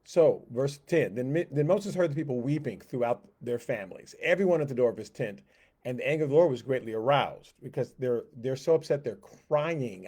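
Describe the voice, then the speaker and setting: A man's voice: medium pitch, lively intonation, a little fast, dark tone, husky. Conversational male Sunday school teacher. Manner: conversational, acts out quotes, frequent restarts. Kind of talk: Bible lesson, reading and retelling scripture.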